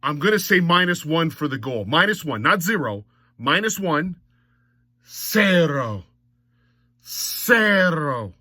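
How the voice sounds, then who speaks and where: A man's voice: a little high, animated, normal speed, pushed and bright, slightly rough, no room sound, studio quality. A man recapping a hockey game in a blunt, mocking monologue that rises to exasperated outbursts. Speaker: hockey commentator.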